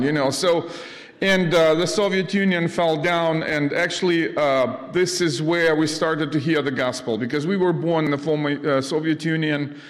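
A man in his fifties from Ukraine, speaking to an audience as a missionary, halting with many fillers and restarts, with light jokes. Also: on the high side. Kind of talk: casual talk to an audience. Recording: long hall reverb.

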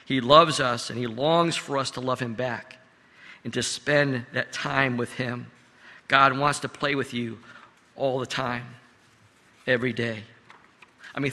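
A middle-aged man delivers a sermon in a church sanctuary. His voice is very bright and forceful, though he keeps pulling back to a soft, earnest hush. Long reverb from the hall hangs behind every line. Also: medium pitch. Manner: earnest storytelling with soft drops in volume. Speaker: pastor.

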